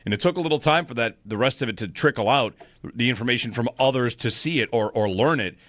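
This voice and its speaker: A man's voice: medium pitch, fast, no echo, studio quality. A man hosting a sports talk radio show, chatting about football and reading the call-in number. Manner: lively, reads station promos and call-in number.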